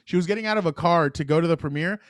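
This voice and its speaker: A man co-hosting a casual sports podcast, telling stories in an animated way and laughing easily, recorded on a close podcast mic. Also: fairly high pitch, no room sound. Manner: animated storyteller, quick to laugh. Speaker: podcast co-host.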